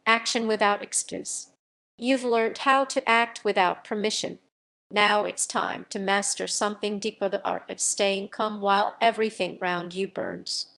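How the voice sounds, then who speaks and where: Firm woman narrating motivational audiobook. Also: medium pitch. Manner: firm, emphatic, short punchy sentences.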